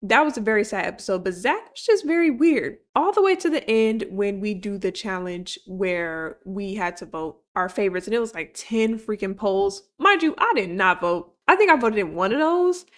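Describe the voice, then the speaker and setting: Young woman, casual vlog commentary, animated and chatty, quick to laugh and curse. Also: medium pitch. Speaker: YouTuber recapping a reality show.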